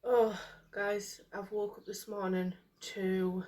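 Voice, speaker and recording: A woman's voice: mid-range voice, flat delivery, takes it slowly, darkish tone, slight background noise. A middle-aged British woman vlogging to camera, overwhelmed and emotional after crying all morning, sighing and repeating herself. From United Kingdom. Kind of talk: casual chat to camera.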